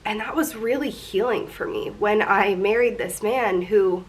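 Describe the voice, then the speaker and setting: A woman's voice: medium pitch, a little slow. A woman in her twenties talking candidly and emotionally in a personal confessional vlog, rambling a little as she goes. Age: 20s. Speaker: vlogger.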